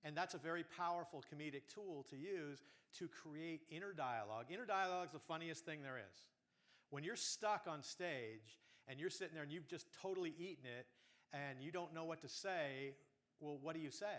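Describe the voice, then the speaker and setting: Animated man coaching on humor. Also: fairly high pitch, moderate pace. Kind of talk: coaching workshop talk.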